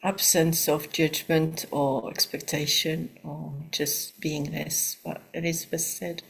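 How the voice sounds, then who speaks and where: Soft, breathy woman sharing quietly. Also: low voice, little pitch movement. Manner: soft, searching, with pauses. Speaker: workshop participant. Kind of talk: reflective sharing. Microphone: video call.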